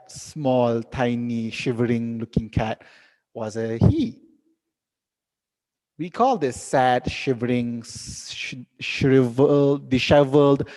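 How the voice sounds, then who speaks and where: A young man teaching a live online English lesson, reading out students' sentences and correcting them gently. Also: medium pitch, big-room sound.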